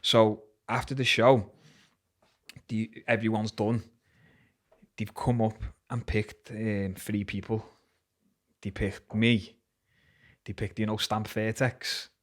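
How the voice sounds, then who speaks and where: A young man from Liverpool with a Scouse accent, appearing as a guest MMA fighter, tells a story slowly and pauses often. His voice is on the low side with a level tone, and his chat is casual, heavy on slang and swearing.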